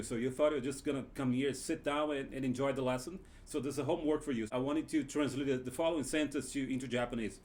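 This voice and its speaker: A man teaching a Japanese grammar lesson, often pausing with fillers while he explains. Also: medium pitch, a little mellow. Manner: hesitant, many filler pauses while explaining. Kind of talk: language lesson.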